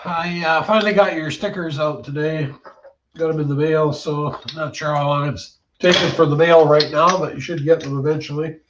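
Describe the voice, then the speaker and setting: A man with a fairly high voice chats easily with viewers on a live stream, greeting each one by name. The sound is dull and lo-fi, with clear clatter and noise around him in the shed. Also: fairly even intonation, normal speed. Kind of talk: casual live-stream chat. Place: home workshop shed.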